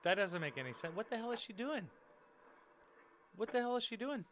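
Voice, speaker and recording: Excitable man reacting to dash cam clips. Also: high voice, a little fast. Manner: excitable, loud outbursts and swearing; drops to quiet muttering asides. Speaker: podcast host.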